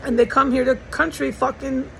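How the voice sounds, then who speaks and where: An American woman speaks with a slightly raised pitch and a gravelly, fry-laden tone. Her talk is profane and rambling, pressing each point with urgency. Faint traffic noise hums behind her indoor recording. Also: flat delivery, moderate pace, fairly bright tone, rough recording. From United States. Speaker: vlogger. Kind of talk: agitated personal monologue. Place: indoors in a house.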